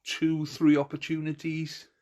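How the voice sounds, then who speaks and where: A middle-aged man hosting a podcast in casual chat, telling stories in an animated way with lots of restarts. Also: fairly high pitch, a little slow, lo-fi sound. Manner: animated storyteller, acts out crowd cheers; chatty, many restarts and fillers. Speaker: podcast host.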